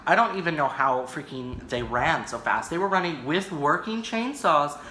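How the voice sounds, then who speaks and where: A man's voice: on the high side, lively intonation, moderate pace, bright, forceful tone, a little hiss or hum. A man vlogging on camera indoors, telling a story in a dramatic, rambling way and often checking in with "right?". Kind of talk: storytime vlog. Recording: echoey room.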